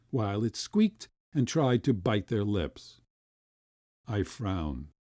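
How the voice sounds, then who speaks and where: A man reading a classic short story aloud as an audiobook narrator, with expressive storytelling. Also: no echo, clean studio sound. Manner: expressive storytelling, rising high for quoted voices.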